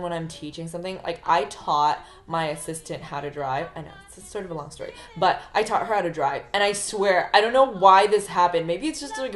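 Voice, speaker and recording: A woman, a singer-songwriter, chatting casually to camera in a rambling, chatty way. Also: on the low side.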